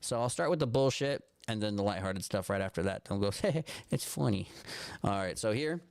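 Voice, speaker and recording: A man's voice: lowish voice, expressive, fairly quick, gravelly, darkish tone, clean tone, no room sound, clean studio sound. A man hosting a casual livestream from his phone, ranting about politics in a rambling way with lots of restarts and frequent swearing. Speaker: live stream host.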